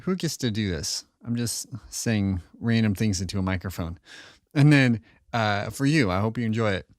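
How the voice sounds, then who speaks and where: A man with a lowish voice walks through a relaxed, offhand studio demonstration, full of fillers and restarts. He talks close into a microphone, and the sound is dry with almost no room echo. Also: normal speed. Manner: relaxed, thinking aloud with many fillers and restarts. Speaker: audio tutorial host. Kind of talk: casual demonstration tutorial. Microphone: close studio microphone with pop filter.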